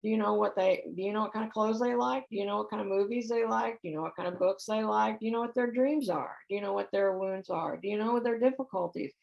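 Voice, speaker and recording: A woman's voice: medium pitch, fast talker, creaky, hardly any pauses, dull audio. A middle-aged woman giving a conversational talk about relationships, often putting questions to her audience. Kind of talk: spiritual center talk.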